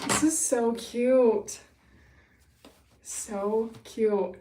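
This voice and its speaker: A woman's voice: a little high, extremely slow, a little mellow, recorded from a distance, a little hiss or hum. A young woman hosting a casual livestream, bubbly and gushing as she chats with viewers, a little winded. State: winded from running. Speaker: livestream host. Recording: echoey room, away from the mic.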